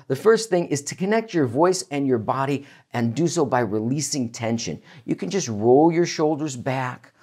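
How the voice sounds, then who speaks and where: A man teaching vocal warm-ups as a voice coach, with an energetic, demonstrative coaching manner. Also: mid-range voice, husky. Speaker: voice coach and keynote speaker. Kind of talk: instructional talk to camera.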